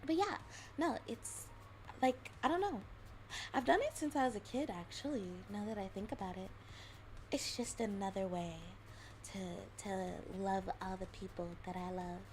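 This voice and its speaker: Soft-spoken, giggly woman streamer. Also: mid-range voice, normal speed, a little hiss or hum. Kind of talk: casual chat.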